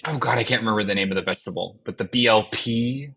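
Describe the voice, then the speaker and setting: A man's voice: on the low side, rapid-fire, sharp tone, breathy edge. A man joining a podcast as a guest, chatting casually and easily about a film. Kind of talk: casual movie review chat.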